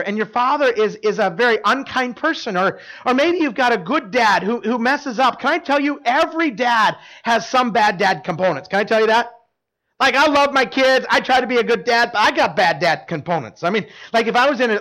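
A man's voice: very high-pitched, bright, forceful tone. A middle-aged man preaching a sermon in a conversational way, often repeating words and asking the room questions. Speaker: pastor.

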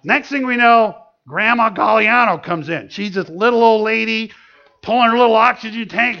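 High gravelly pastor guy telling a story in a sermon, lively, dull lo-fi recording. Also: moderate pace. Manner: animated, laughing storyteller. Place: church. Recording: dull lo-fi sound.

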